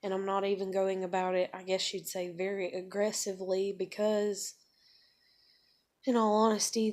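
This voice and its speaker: Thirty-something woman ranting at home, rambly and cussing a lot, mid pitch. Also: darkish tone. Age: 30s. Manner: rambling, profane, frustrated. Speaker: vlogger. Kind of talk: casual venting monologue. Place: room at home.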